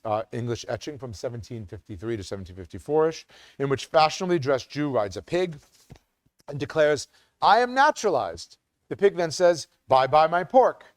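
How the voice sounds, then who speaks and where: A man's voice: mid-range voice, a little mellow, dry recording. Middle-aged guy giving a lecture, lots of ups and downs in his voice, dry close sound, a few ums. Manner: reads quotes with sing-song emphasis, some restarts and ums. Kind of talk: academic lecture.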